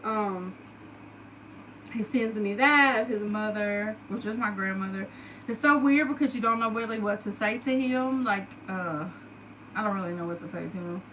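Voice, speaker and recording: A woman's voice: medium pitch, moderate pace, fairly bright tone, slight background noise, rough recording. A woman with a Southern US accent chatting to her followers, emotional and full of fillers. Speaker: vlogger. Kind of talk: casual storytelling to followers.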